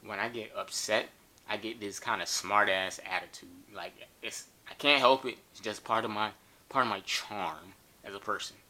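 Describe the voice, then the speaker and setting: A man's voice: on the low side, moderate pace, sharp tone. A man telling a funny story in a casual, joking and profane way.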